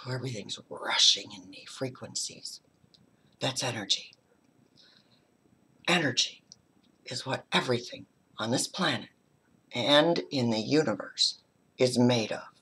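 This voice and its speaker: Middle-aged woman, spiritual teacher, husky voice with a lively pitch, heartfelt personal talk. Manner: halting, heartfelt, dips into soft whispers.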